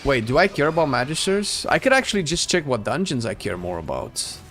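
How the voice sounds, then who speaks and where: A man's voice: medium pitch, sing-song, a little fast, a bit bright. A man casually commenting on his gameplay as a streamer, chatty and laid-back, answering his chat. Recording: faint music under the voice. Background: faint game music.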